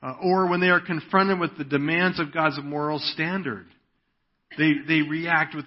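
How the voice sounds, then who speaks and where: A man's voice: on the high side, steady tone, moderate pace. A man preaching a sermon in an earnest way, often checking in with "right?". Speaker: pastor. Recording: dull lo-fi audio.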